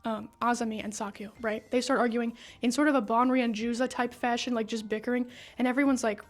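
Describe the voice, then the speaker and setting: A woman's voice: a little high, fairly even intonation, quick pace, soft background music. A woman casually recapping a story for her video, slangy and profane, talking into a broken microphone in a room. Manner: slangy and profane, says bruh and brother. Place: indoor room with a whiteboard.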